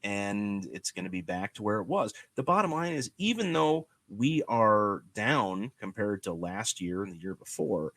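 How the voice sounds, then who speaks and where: A man hosting a podcast, talking in an animated, ranting way and leaning on "you know" and "guess what". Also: lowish voice, unhurried, hardly any pauses, no echo. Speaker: podcast host. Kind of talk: casual chat.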